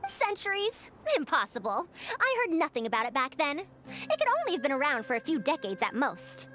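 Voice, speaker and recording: Game role, female: a proud scholar of old machines, high, lively voice, formal and inquisitive, soft game music behind. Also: heavily acted. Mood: curious. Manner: measured, confident and inquisitive, slightly formal.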